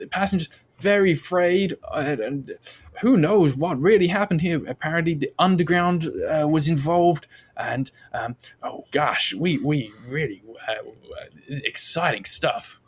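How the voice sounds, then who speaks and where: A man voicing an excitable, flustered news reporter who rambles, hesitating often. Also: fairly high pitch, unhurried, voice pushed up. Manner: breathless, rambling, full of ums.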